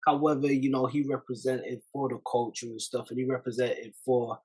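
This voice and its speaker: Husky guy doing casual reaction commentary, calm and thoughtful, talks right to the viewers. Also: medium pitch, poor audio. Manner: reflective, measured, speaks to viewers directly. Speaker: podcast host reacting to a clip.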